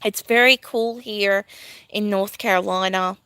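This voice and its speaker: A woman's voice: mid-range voice, steady tone, unhurried, pushed and bright, smooth, no echo. A woman in her thirties vlogging at home, talking to her viewers in a rambling, emotional, heartfelt way. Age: 30s. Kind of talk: casual talk to camera.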